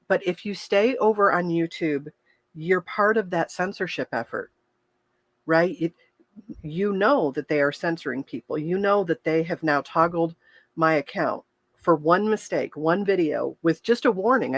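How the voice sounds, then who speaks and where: A woman's voice: on the low side, unhurried, no room sound. A woman hosting a livestream as a health coach, talking candidly and chattily to her viewers, often restarting sentences and openly emotional, laughing through tears. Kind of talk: casual livestream talk to viewers.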